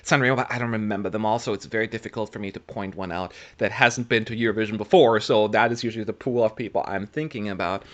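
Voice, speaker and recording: A man's voice: fairly low pitch, quick pace, hardly any pauses, a bit bright, muffled recording. A man co-hosting a live stream, chatting casually, joking and reading out viewer questions. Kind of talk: casual chat.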